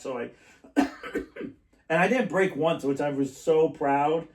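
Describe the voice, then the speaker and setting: A man's voice: on the high side, moderate pace, a little mellow. Chatty man in an echoey room. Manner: rambling storyteller, laughs often. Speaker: podcast host. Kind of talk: casual chat. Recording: echoey room, mic at a distance.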